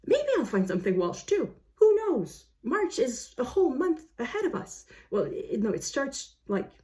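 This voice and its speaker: A woman's voice: sits high, big pitch swings, a little mellow. Chatty, rambling woman book vlogger. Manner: rambling and self-correcting, with frequent fillers and quick asides. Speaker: book video host. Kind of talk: casual chatty vlog talk.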